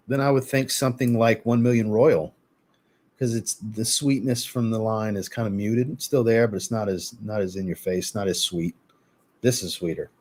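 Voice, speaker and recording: With a voice on the low side, a man runs a fragrance live stream, answering chat and discussing scents in an easygoing, chatty way.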